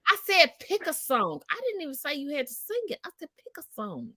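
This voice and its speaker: A woman in her forties co-hosting a live stream, brash and profane, teasing her co-host and swooping up loud when excited. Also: high-pitched, a little fast, no room sound, clean studio sound. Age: 40s.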